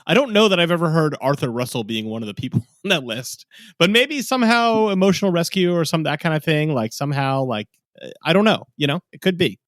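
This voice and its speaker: A man's voice: on the high side, very animated, quick pace, fairly bright tone, dry recording. A man hosting a casual podcast chat, offering wry commentary. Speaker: podcast host.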